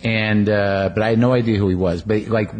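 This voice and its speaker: A man's voice: on the low side, fairly even intonation, a little fast, a little mellow, slight background noise. A male host running a casual interview, hesitant, with many fillers and restarts.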